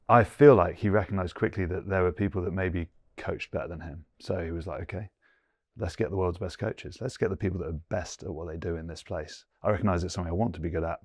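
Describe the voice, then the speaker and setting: An English man in his forties, a former rugby player, is a guest in a reflective interview, speaking earnestly and thinking aloud with many fillers. His low voice has a breathy edge, recorded with studio quality and no echo.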